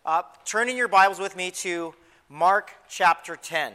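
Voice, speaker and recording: A man's voice: sits high, a little slow, pushed and bright, clean tone. A pastor giving a casual children's lesson in a church service, often restarting and repeating his words as he talks to the kids. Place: church sanctuary.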